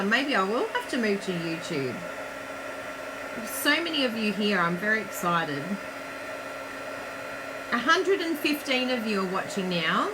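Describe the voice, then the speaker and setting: A woman's voice: a little high, lively intonation, moderate pace, background noise. An Australian woman hosting a live card-making demo, chatty and giggly, talking to viewers as she works. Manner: chatty, giggly, reads viewer comments aloud. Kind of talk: live-streamed crafting demo.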